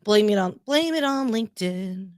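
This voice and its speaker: A woman's voice: medium pitch, lively intonation, moderate pace, darkish tone, no echo, studio quality. A woman co-hosting a live stream over a video call, teasing her partner playfully and laughing mid-sentence. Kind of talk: casual live stream chat.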